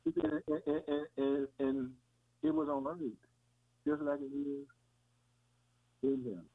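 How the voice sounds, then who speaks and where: A man's voice: mid-range voice, little pitch movement, unhurried. A man preaching an informal sermon in a folksy way, often calling his listeners "man" and "boy" and repeating himself. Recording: tinny phone-like radio audio.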